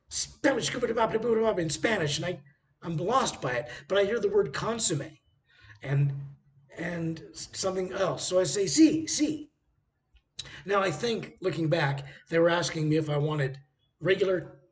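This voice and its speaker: Vlogging casually from a hotel room beside a busy street, a man with a voice that sits high rambles through travel anecdotes, hesitating often.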